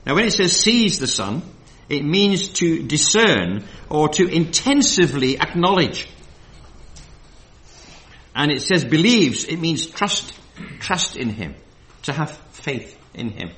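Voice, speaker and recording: A man preaching a Bible study sermon. He reads verses slowly and with emphasis, then drifts into loose, filler-heavy asides. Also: fairly high pitch, very animated, fairly bright tone.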